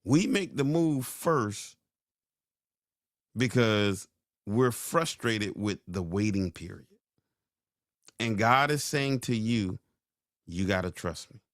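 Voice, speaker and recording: A man hosting a podcast, giving a sermon-like motivational talk, slowing down and repeating key lines for emphasis. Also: lowish voice, expressive, no room sound, studio quality. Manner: slow, drawn-out emphasis. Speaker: podcast host.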